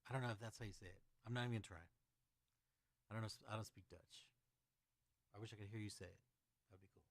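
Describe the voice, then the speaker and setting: A man's voice: on the low side, steady tone, quick pace, a little hiss or hum. A man hosting a casual livestream who chats loosely and reads out questions from his chat. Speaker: livestream host answering chat.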